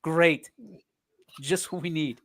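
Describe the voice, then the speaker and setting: A man's voice: fairly high pitch, steady tone, slow pace, fairly bright tone. A man co-hosting a sports show, bantering casually, rambling and teasing his partner. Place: streaming studio.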